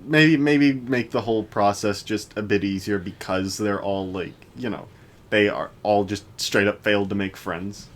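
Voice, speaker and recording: On a podcast he co-hosts, a man talks casually about anime, rambling along with plenty of restarts and filler words. His voice is on the low side, with a steady tone and a normal pace.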